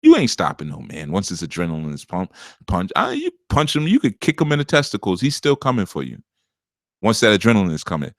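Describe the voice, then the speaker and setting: A man with a deep, rough, gravelly voice and a slight scratchiness up top, giving relationship advice as a spiritual teacher in a blunt, punchy, unscripted monologue. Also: wildly swooping pitch, fast, dry recording, clean studio sound. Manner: punchy, forceful, lecturing.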